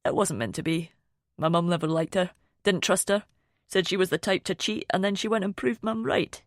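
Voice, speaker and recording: Wry Scottish ghost-tour guide voiced by a female narrator; smooth, low and dry-humoured. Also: normal speed, no echo, natural voice. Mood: rueful. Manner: dry, gently teasing.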